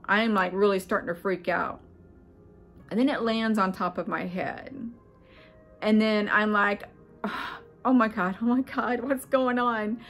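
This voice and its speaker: A woman's voice: medium pitch, a bit bright. Earnest rambling woman vlogger. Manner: earnest, rambling, many fillers and restarts. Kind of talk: casual first-person storytelling.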